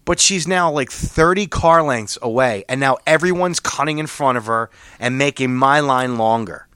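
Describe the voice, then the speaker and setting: A man telling a long, profane driving story in casual chat, quoting other drivers in a louder, higher voice. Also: normal speed, clean tone, no echo. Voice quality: gets loud and high when quoting other drivers.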